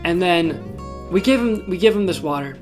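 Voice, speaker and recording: A young man hosting a podcast, casually telling funny stories with jokey, animated delivery and sudden loud asides. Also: high-pitched, normal speed. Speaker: podcast host. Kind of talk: casual storytelling. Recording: background music under the voice.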